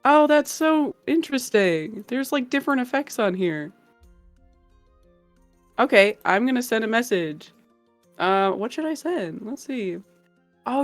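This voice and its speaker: A woman's voice: on the high side, no echo. Bubbly giggly woman streamer chatting w/ chat, gushy, dry close mic. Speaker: livestream host. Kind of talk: casual chat with live chat.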